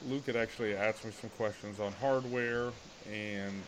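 A man's voice: lowish voice, steady tone, normal speed. A man hosting a casual podcast chat, telling stories and leading the talk. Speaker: podcast host. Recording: clear background noise.

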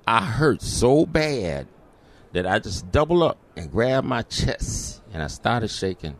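A man's voice: mid-range voice, sing-song, slow. A middle-aged man, telling a personal story as an interview guest and acting out the voices in it.

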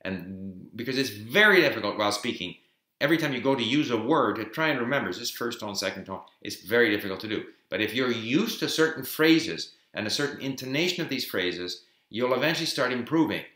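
A man with a mid-range, expressive voice and a sharp tone talks briskly and informally about learning a language, sharing his own tips. He's emphatic and uses fillers, and the recording has a roomy echo.

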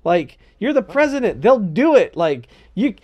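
A man with a slightly high voice rambles through a casual podcast chat about politics. He hesitates with fillers, then builds into comic rants. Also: very animated, unhurried, muffled recording.

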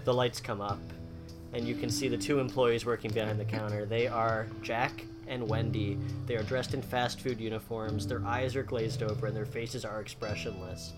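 A man's voice: fairly low pitch, steady tone, normal speed. A man narrating as game master in an improvised tabletop game, playful and self-correcting. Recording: guitar music under the voice.

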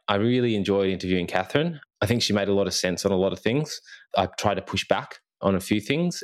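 A young man chatting casually on a podcast, recounting a school visit with lots of restarts and acted-out snippets of dialogue. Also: low voice. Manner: rambling with frequent restarts and self-corrections; acts out remembered dialogue. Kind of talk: casual chat.

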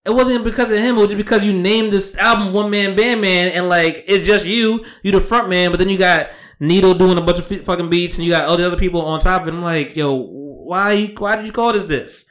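A man co-hosting a podcast in casual chat, animated and profane, often acting out quotes. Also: high-pitched, fast, hardly any pauses. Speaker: podcast co-host.

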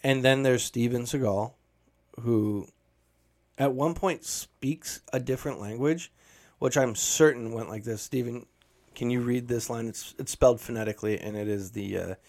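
A man co-hosting a casual chat about a movie, riffing and mocking it in fast bursts. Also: medium pitch, darkish tone.

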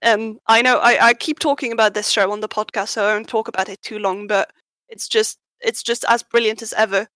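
A woman co-hosting a podcast, talking in a measured, appreciative way. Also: mid-range voice, fairly bright tone, dry recording. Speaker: podcast co-host. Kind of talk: casual chat.

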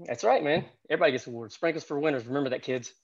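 A man's voice: on the high side, very fast, lo-fi sound. A man in his thirties telling stories as a podcast guest, chatty and rambling with lots of fillers. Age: 30s. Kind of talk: casual podcast storytelling.

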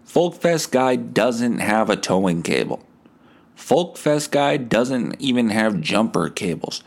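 A man's voice: mid-range voice, big pitch swings, slow pace, gravelly. A man hosting a solo podcast, rambling and swearing, often stammering and restarting. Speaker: podcast host.

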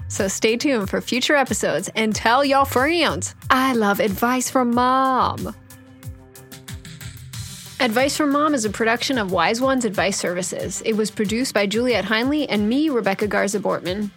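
A woman's voice: on the high side, normal speed, few pauses, soft background music. A young adult woman hosting a podcast with her mother, joking with puns and reading out the show credits. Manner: playful, punning, reads show credits. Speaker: podcast host and producer. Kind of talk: casual chat with her mother.

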